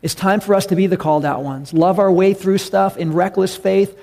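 Gravelly-voiced man preaching a sermon. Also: high voice, fairly even intonation, normal speed. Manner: earnest preaching, rising to loud emphatic calls. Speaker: pastor.

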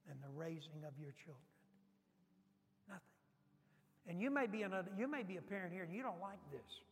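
A male pastor delivers a sermon with a notably high voice. He presses his points by repeating them, swinging from loud emphasis to near-hushed asides. The sound carries a long reverb from a large church hall.

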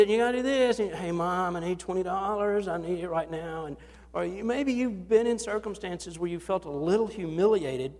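A pastor delivers a sermon in a loose, conversational way, his voice sitting a touch high for a man. He acts out little quoted exchanges and often stumbles and restarts mid-phrase. A long reverb from a large hall trails behind every word. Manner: conversational preaching with acted-out quotes and repeated restarts.

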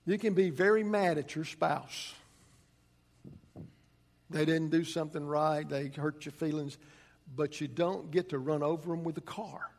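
A man's voice: fairly high pitch, steady tone, measured pace, vocal fry, long pauses, darkish tone. A man, a pastor preaching a conversational sermon and telling stories with frequent restarts.

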